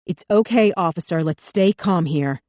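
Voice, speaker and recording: A woman voicing a calm, steady man who talks an armed girl down in an audiobook. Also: fairly low pitch, moderate pace, dry recording, close to an everyday voice. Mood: calm firm. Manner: calm, firm, soothing. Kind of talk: audiobook character voice.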